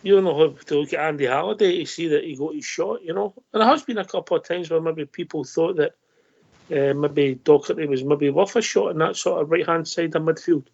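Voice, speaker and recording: Teasing man, slightly high voice. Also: a little fast, gravelly, darkish tone. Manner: teasing, chatty. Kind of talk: casual football chat. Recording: dull lo-fi broadcast audio.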